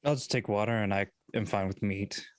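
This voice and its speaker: A man's voice: fairly low pitch, fairly even intonation, a little fast, clean tone, no echo. A man who is a player in a tabletop role-playing game, answering briefly in a laid-back, joking way.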